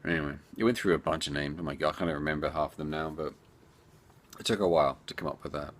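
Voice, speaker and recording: A man's voice: a bass voice, steady tone, racing, slight background noise. A man who develops indie games, answering viewer questions in a chatty, rambling way and talking straight to the viewers. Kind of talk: casual Q&A chat.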